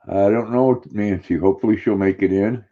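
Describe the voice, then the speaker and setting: An older man chatting casually on a live stream, greeting viewers by name and cooing softly to his dog. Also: fairly low pitch, brisk, phone-quality sound.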